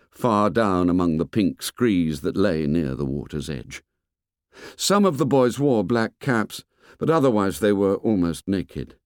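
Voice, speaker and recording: A man narrating a novel in a measured, expressive storytelling voice. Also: on the low side, dry recording, clean studio sound. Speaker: audiobook narrator. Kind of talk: scripted narration.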